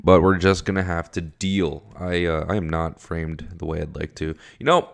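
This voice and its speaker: A man with a very low voice reads a webcomic aloud and comments as he goes. He sounds sleepy at this early hour, rambles, and swears freely, and his voice jumps up high whenever something surprises him. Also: fairly even intonation, normal speed, vocal fry. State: tired early morning. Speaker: webcomic reader. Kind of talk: casual reading and commentary.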